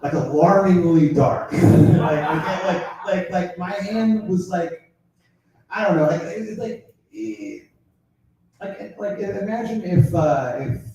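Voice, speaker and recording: A man's voice: high-pitched, slow pace, dull audio, noisy background. A man doing a stand-up set, telling a crude story in a rambling way with many fillers. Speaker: stand-up comedian. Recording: echoey room from far off.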